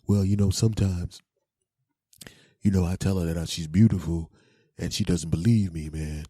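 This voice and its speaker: An insecure young man mumbles and hesitates as he asks for advice , as a man puts him on. He speaks lower than the narrator, with a husky, very dark tone. The recording is close and dry. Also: steady tone, normal speed, no room sound. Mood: puzzled. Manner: mumbling, hesitant, low-key.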